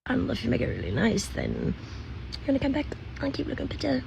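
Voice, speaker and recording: A woman with a put-on British accent, rambling haltingly in a played-back social media clip, full of ums and likes. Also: high voice, huge pitch swings, highs cut off. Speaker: celebrity in a played video clip. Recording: played-back clip with clear background noise.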